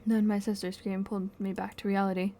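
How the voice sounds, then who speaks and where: A woman reading a game's story text aloud in an expressive, soft-spoken way. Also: mid-range voice, fast. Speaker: game playthrough narrator.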